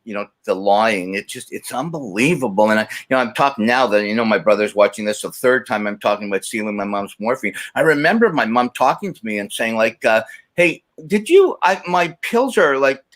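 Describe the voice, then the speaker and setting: A man's voice: lowish voice, a little fast, few pauses. A man, a guest on a talk show, telling personal stories and acting out the voices in them. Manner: animated storytelling, acts out quotes. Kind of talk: casual chat.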